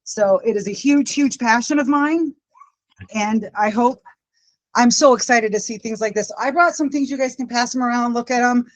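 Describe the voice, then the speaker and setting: A woman's voice: on the high side, dry recording, poor audio. A woman in her forties giving an informal, heartfelt classroom talk as a guest speaker, with a runny nose. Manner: emotional, earnest storytelling. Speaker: guest speaker, aviation education manager.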